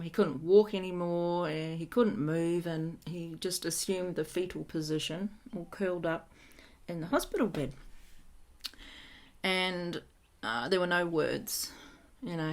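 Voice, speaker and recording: A woman who works as an energy healer, telling a personal story in a casual, frank way and laughing often. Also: on the low side.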